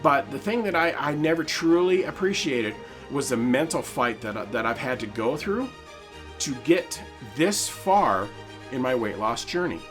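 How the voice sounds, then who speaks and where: A man's voice: medium pitch, animated, a little slow, a bit bright, faint music behind. A man in his forties hosting a podcast, talking earnestly and emphatically in a personal monologue, with frequent restarts. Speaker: podcast host.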